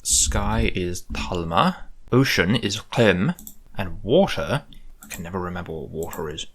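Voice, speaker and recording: A man's voice: low-pitched, animated, unhurried. A man explaining a language-building project in a musing, tentative way, thinking aloud and correcting himself as he goes. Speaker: conlang creator.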